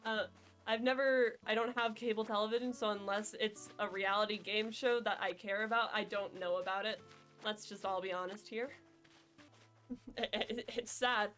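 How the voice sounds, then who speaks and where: Her voice is mid-range and fairly bright as she chats casually about her gameplay. She's streaming a video game, rambling and joking playfully with her viewers.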